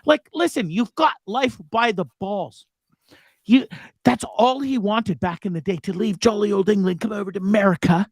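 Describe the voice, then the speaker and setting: A man's voice: sits high, moderate pace, no echo, clean studio sound. A man hosting a live talk show, ranting casually with lots of profanity. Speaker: host.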